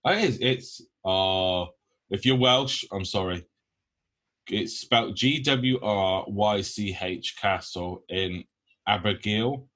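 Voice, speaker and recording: A man's voice: on the low side, slow, a bit bright. A young man from the UK, co-hosting a podcast in casual, blunt chat full of ums. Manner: blunt, rambling with many ums. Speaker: podcast co-host.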